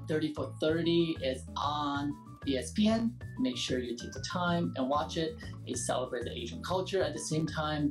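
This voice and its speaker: Male show host over clear music. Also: a little high, rough recording. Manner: warm thanks, upbeat wrap-up to viewers. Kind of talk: hosting a web talk show.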